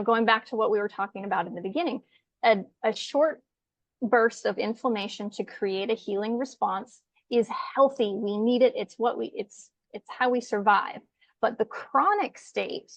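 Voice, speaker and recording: A woman skincare educator chatting casually as a guest. She is lively and animated and sometimes acts out what people say. Her voice sits in a middle register and sounds dry and close, with almost no room around it. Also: medium pitch, vocal fry, no echo. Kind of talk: casual conversation.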